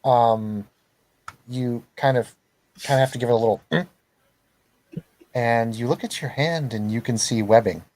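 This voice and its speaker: A man's voice: mid-range voice, moderate pace, a little mellow. Man narrating a tabletop game. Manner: casual, joking asides. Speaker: game master.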